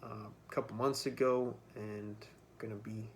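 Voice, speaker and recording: A man's voice: fairly low pitch, fairly even intonation, moderate pace, slight background noise. A man vlogging in a loose, rambling monologue, swearing freely as he talks. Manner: rambling, profane, freewheeling. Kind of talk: casual monologue to camera.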